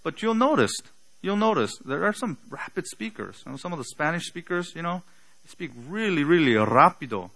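A male pastor delivers a sermon in a bright, forceful voice that sits a little high for a man. He speaks slowly and deliberately, with a slight non-native accent. He drives his points home with emphatic rhetorical questions. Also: sing-song, husky, rough recording.

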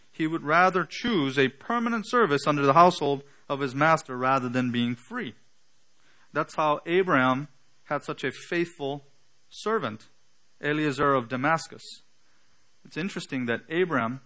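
Bright-voiced man preaching a sermon. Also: on the high side. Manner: earnest, teaching with emphatic pauses and fillers. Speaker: pastor.

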